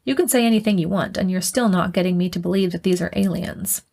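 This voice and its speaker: A woman's voice: lowish voice, fast talker, gravelly, darkish tone. A woman voicing a stubborn, devout male ship doctor who speaks firmly, in an audiobook. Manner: firm.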